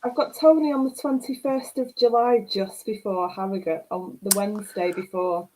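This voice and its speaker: A woman's voice: medium pitch, steady tone, moderate pace, a little mellow, slight background noise, poor audio. A woman hosting a book club interview, chatting in a friendly, self-deprecating way. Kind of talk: casual online interview.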